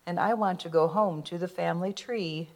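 A woman's voice: lowish voice, normal speed, darkish tone. A woman voicing a small male stick figure, sing-song and plaintive in his refrain.

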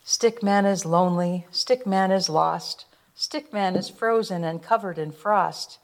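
A woman's voice: lowish voice, measured pace. Woman reading a rhyming picture book. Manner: gentle rhythmic rhyming delivery. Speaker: narrator.

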